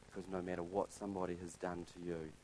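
A man preaching with a lowish voice, talking to his congregation as if in conversation. He builds up loudly through a story, then drops to a soft, quiet emphasis for the key points. A faint hum of the room sits behind him. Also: level tone, fast talker, low-quality recording. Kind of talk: sermon.

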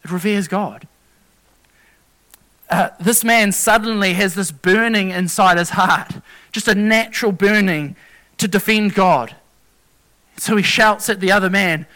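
A man preaching a sermon, earnest and halting, often restarting and correcting himself as he goes. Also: high-pitched, fairly bright tone.

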